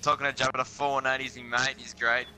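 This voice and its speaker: Young guy, crude gamer banter, sharp edgy tone over game music. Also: mid-range voice, level tone, fast talker. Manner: crude, laid-back, swearing and laughing. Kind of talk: casual banter while gaming.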